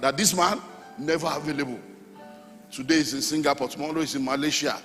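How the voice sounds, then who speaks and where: A middle-aged Nigerian man preaching a sermon as pastor, animated, with sudden shouts and sung phrases. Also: a little high, brisk. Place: church hall. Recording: long hall reverb, faint music.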